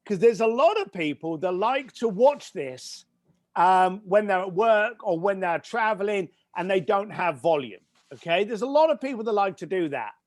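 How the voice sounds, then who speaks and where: Brief: British male guest, middle-aged, bursting with enthusiasm, high and sing-song delivery. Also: animated, normal speed, dry recording, clean studio sound. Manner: enthusiastic, emphatic, quirky. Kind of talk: conversational business advice.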